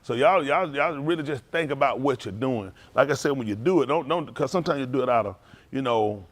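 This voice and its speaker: A male pastor giving a playful sermon to his congregation, laughing and joking and then turning low and earnest. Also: animated, brisk. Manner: drops to a low, quiet earnest tone for counsel.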